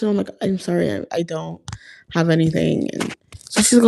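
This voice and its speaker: A young woman speaks to her viewers in a loose, heartfelt way, leaning on "like" as she talks. Her voice sits a little low for a woman. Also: lively intonation, moderate pace, creaky, warm tone. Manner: chatty and heartfelt, frequent "like" fillers. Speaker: vlogger. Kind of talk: casual faith talk to camera.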